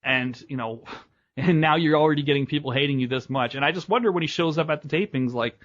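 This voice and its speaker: A man's voice: a little high, a bit bright, lo-fi sound. A man hosting a wrestling podcast in casual chat, rambling and swearing, laughing often. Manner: profane, rambling, quick to laugh. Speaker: podcast host.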